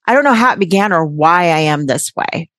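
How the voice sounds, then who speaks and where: A woman's voice: sits low, lively intonation, a little fast, fairly bright tone, no room sound. A woman hosting a podcast in casual chat, brash and jokey, swearing freely with sarcastic asides. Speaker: podcast host.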